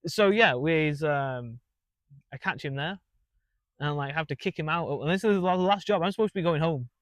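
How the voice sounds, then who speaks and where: Young manchester guy, lively storyteller, kinda high voice, dry close mic. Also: moderate pace, no echo. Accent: Mancunian English. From England. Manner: animated, laughing storyteller. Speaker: guest comedian. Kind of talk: casual storytelling.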